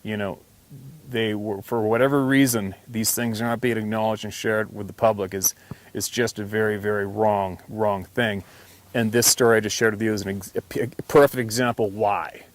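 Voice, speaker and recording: A man's voice: on the low side, fairly even intonation, normal speed. A man hosting a hunting channel, telling a story in a casual, earnest, emphatic monologue full of restarts.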